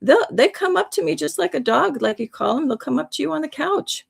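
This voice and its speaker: Woman putting on a breezy high-voiced snake lady. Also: lively intonation, fairly quick, gravelly, heavily acted. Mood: matter-of-fact. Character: chatty petite woman snake owner, casual.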